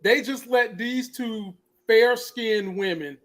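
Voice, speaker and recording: High-voiced, joking man. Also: takes it slowly. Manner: joking, profane, laughs while talking. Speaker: panelist. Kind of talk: casual chat.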